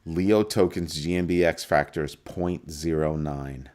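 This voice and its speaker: A man hosting a casual live-stream crypto show, talking through numbers with animated swings between calm and mock panic. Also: extremely low pitch, measured pace.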